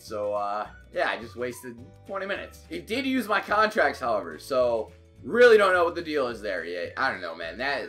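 Excitable young man calling hockey gameplay. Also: medium pitch. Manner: excitable, frustrated outbursts at the game. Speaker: gaming YouTuber. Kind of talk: live gameplay commentary.

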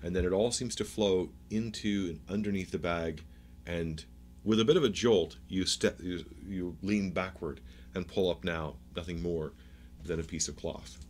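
Deep-voiced man narrating as game master. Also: darkish tone, slight background noise. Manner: halting, descriptive narration with many fillers.

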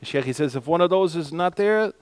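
A man's voice: a little high, expressive, a little fast, smooth, no room sound. A man teaching a mosque class as imam. He explains a hadith text in English and recites the Arabic passages.

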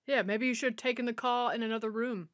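A woman's voice: fairly high pitch, steady tone, fast talker, fairly bright tone, slight background noise. A woman giving a chatty, sassy running commentary while watching a film. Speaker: movie watch-along host.

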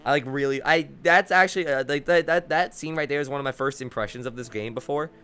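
A young man streaming a video game, commenting excitedly and rambling with frequent laughs. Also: medium pitch, quick pace, smooth. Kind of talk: gaming commentary.

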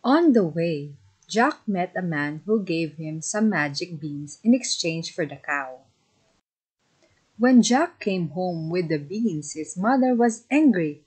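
A woman narrating a children's fairy tale in a slow, simple storybook manner. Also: fairly low pitch, expressive, a little mellow, husky, rough recording.

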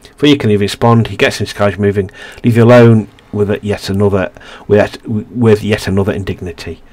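A man's voice: fairly low pitch, steady tone, a little fast, darkish tone, dry recording. A man hosting a let's play, reading a narrative game's story aloud with frequent stumbles and restarts.

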